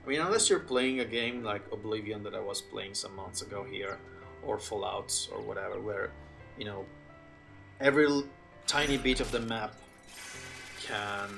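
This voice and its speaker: A man's voice: fairly low pitch, vocal fry, pushed and bright. A man whose first language is Italian, streaming a game and chatting casually in English in a rambling way. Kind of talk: casual gameplay commentary.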